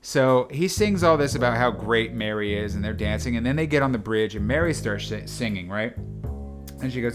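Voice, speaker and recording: A man chats casually as co-host, mid-pitched and animated, often slipping into acted film lines. Guitar music plays clearly behind him. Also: quick pace. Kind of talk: casual chat.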